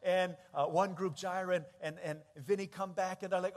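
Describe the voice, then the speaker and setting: A man preaching a sermon, telling stories in an animated way and acting out voices, swinging from hushed to loud. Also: sits high, normal speed, big-room sound. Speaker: pastor.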